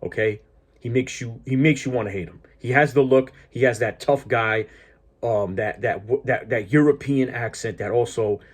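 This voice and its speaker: A man's voice: medium pitch, moderate pace. A man of Greek heritage in a casual, heated wrestling rant, swearing a lot and stumbling over repeated words as he restarts his sentences. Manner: profane, heated, restarts often. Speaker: wrestling commentator vlogger. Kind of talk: casual ranting monologue.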